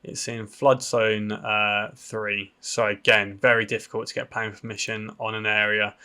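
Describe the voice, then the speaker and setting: A man's voice: on the low side, flat delivery, normal speed, pushed and bright, clear, resonant tone. A man from the UK hosting a property education channel, casually walking viewers through a land listing on screen. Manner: casual, explanatory, with fillers. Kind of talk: screen-share walkthrough.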